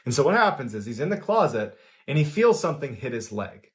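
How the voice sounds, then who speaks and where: A man's voice: medium pitch, sing-song, brisk. A man telling a true creepy story in a loose, conversational way, full of small fillers. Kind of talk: casual spoken storytelling.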